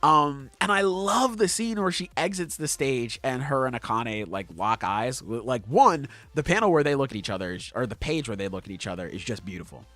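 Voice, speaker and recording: A man hosts a casual podcast, his voice sitting at an everyday middle pitch. He gushes and swears freely, rambling with fillers as he works through his thoughts. The sound is dry and close. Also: big pitch swings, fairly quick, hardly any pauses, no echo. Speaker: podcast host. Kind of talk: casual chat.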